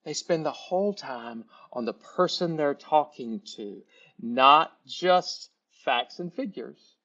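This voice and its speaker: A male sales trainer tells a teaching story in a folksy, animated way. His voice sits somewhat high, and the recording is a little muffled. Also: takes it slowly. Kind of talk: storytelling lesson.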